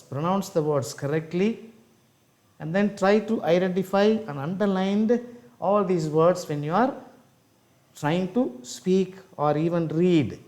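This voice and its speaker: A male teacher, giving a pronunciation lesson and repeating each word slowly for his learners. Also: high-pitched, a little mellow. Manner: slow, repeats words for drill, addresses learners as "my dears". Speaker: English teacher.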